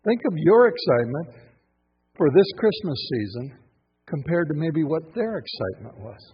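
Husky, lively preacher in an echoing hall. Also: male voice, on the high side, normal speed, lo-fi sound. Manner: questioning, playful, swings between hush and bursts. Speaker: pastor. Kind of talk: sermon.

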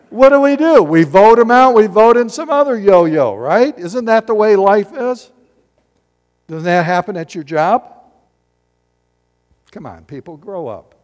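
A high-voiced pastor gives a sermon in a reverberant church sanctuary, recorded with long hall reverb. He's animated, directing rhetorical questions at the congregation.

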